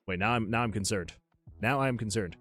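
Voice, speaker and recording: A man hosting a casual livestream, chatting excitedly with viewers, laughing often and reading chat messages aloud. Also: on the low side, brisk, breathy edge, faint music behind. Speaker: livestream host and game developer.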